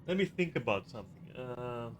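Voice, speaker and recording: A man's voice: mid-range voice, sing-song, moderate pace, background noise. A man ranting about a video game in casual commentary, profane and exasperated, often restarting his sentences. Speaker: gaming video creator.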